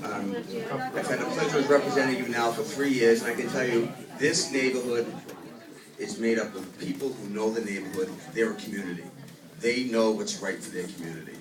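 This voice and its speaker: A man's voice: medium pitch, fairly quick. A man, a state legislator, giving an impassioned speech at a public neighborhood meeting, at times raising his voice. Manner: impassioned, rising to raised voice. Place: large meeting hall with a crowd. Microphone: distant room microphone. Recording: echoey hall, far from the mic, crowd noise.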